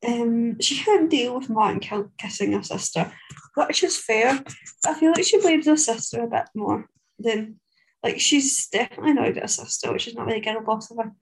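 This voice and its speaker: A woman's voice: fairly high pitch, moderate pace, slight background noise, low-quality recording. A woman co-hosting a podcast, chatting casually with wry, offhand asides. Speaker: podcast co-host. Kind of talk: casual chat.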